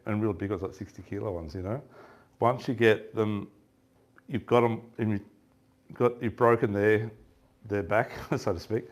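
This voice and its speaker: A man telling a lively fishing story at a live seminar, laughing and acting out what his mates said. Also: on the low side. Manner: chatty, laughing, acts out quoted lines. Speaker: fishing shop presenter.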